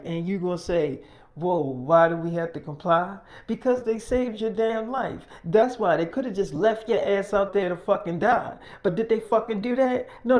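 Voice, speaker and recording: A man's voice: high-pitched, a little mellow, lightly acted. A man voicing a bossy, foul-mouthed, fatherly enforcer who barks streetwise orders. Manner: profane, streetwise, barking orders.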